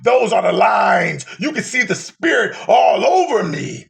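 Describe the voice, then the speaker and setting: Male preacher, gravelly and high-pitched, lurching from shouts to whispers. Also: very animated, measured pace. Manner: swings from shouting to hushed whispers. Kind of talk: emotional street sermon.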